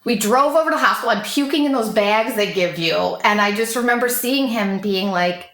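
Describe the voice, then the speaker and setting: A woman in her thirties telling a long personal story in casual chat, animated and swearing freely as she acts out what others said. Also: fairly high pitch, brisk. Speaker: podcast guest. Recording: echoey room.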